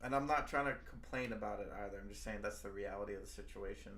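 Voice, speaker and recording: A man's voice: lowish voice, quick pace, a bit bright. A young man hosting a casual stream chat, rambling and calling people bro. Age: young adult. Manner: rambling, says bro, frequent restarts. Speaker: stream host.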